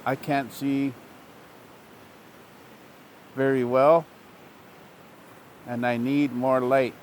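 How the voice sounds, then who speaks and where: A crafty raven trickster, calm and falsely sorry, asking for more and more light, as a male storyteller plays him. The voice stays close to the teller's own, steady and coaxing. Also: medium pitch, extremely slow, a little hiss or hum, rough recording. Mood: sly, apologetic. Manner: calm, apologetic, sly.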